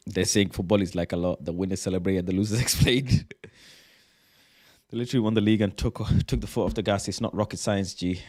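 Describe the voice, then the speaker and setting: An exasperated man talks through posts in a casual reaction commentary. His voice sits slightly low, and he swears freely as he reads. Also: fairly even intonation, fast talker, a little mellow. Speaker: reaction streamer.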